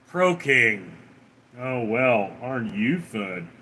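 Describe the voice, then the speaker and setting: A man hosting a livestream, reading viewer comments aloud and answering them with dry, deadpan remarks. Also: mid-range voice, takes it slowly, slightly rough. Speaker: livestream host reading chat.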